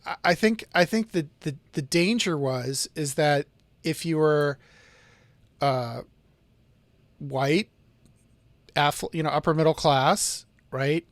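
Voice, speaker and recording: A man with a fairly high voice co-hosts a casual podcast. He tells stories haltingly and often repeats words as he restarts. The sound is dry and close. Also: dry recording. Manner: hesitant, many restarts, storytelling. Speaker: podcast co-host. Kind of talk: casual discussion.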